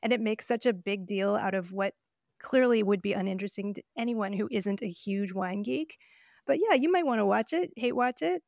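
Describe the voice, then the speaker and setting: A woman's voice: mid-range voice, moderate pace, creaky, darkish tone, no echo, clean studio sound. A woman co-hosting a wine podcast, chatting in an opinionated, casual way with frequent fillers and laughs. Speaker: podcast co-host. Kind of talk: casual chat. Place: living in Oregon.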